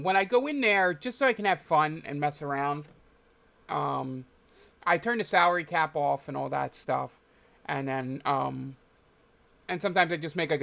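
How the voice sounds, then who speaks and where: A man's voice: fairly high pitch, vocal fry, a bit bright. A man hosting a podcast, talking casually about games in a loose, rambling way with many filler words. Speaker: podcast host. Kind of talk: casual chat.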